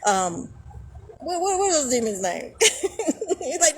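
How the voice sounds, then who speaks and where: A woman delivering an angry, profane monologue, swinging between loud outbursts and hushed muttering. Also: high-pitched, sing-song, takes it slowly, long pauses. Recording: noisy background hum.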